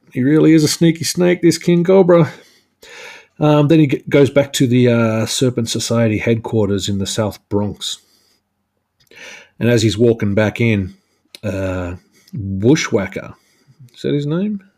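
A man's voice: fairly low pitch, moderate pace, darkish tone. A man hosting a solo podcast, chatting casually about a comic book with lots of fillers and restarts. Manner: rambling, many fillers and restarts. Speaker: podcast host.

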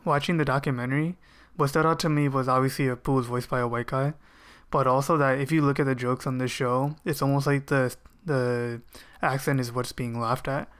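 Brief: male co-host, measured and explanatory, monotone, smooth clear voice. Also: medium pitch. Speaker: podcast co-host. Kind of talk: casual chat.

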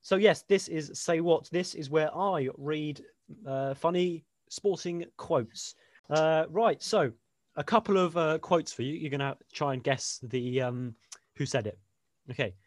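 A young man co-hosts a casual podcast, reading funny sports quotes aloud and laughing often. His voice sits a little high and moves at a measured pace, with no echo.

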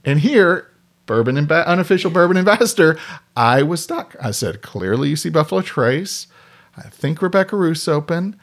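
A man's voice: a little high, lively intonation, normal speed. A man telling stories in casual conversation, animatedly acting out the voices of people in his anecdotes. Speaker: podcast guest. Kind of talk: casual storytelling.

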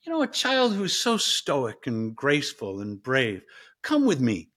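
A man's voice: mid-range voice, wildly swooping pitch, a little slow, a bit bright, full character voice. A man doing a cold, mean frost spirit. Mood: mock-menacing. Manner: mock-menacing storytelling voice.

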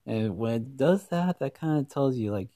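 A man hosting a solo sports podcast, talking in a rambling, excitable way with many restarts. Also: medium pitch, moderate pace, no echo, clean studio sound. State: hiccups. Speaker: podcast host.

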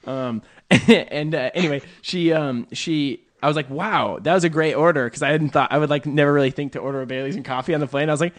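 A man co-hosting a podcast, telling stories in an animated, rambling way. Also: a little high, a little fast, hardly any pauses. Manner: animated storytelling, lots of fillers. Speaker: podcast co-host. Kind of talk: casual podcast chat.

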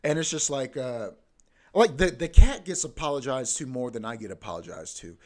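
A man's voice: mid-range voice, expressive, normal speed. A young man hosting a podcast in a casual, profane, ranting monologue that keeps coming back to "bro.". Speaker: podcast host.

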